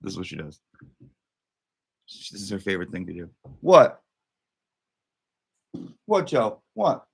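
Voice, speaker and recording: A man's voice: deep voice, very animated, a little slow, vocal fry, long pauses, breathy edge, dry recording. Chatty profane man. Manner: chatty, profane, talks to his dog mid-stream. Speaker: livestream host. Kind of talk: casual livestream chat.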